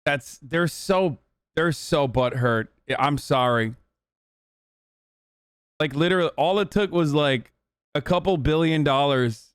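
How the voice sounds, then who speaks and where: A man's voice: on the high side, measured pace, long pauses, clean tone, no room sound. A man on a livestream talking in loose, profane, rambling casual chat into a close mic.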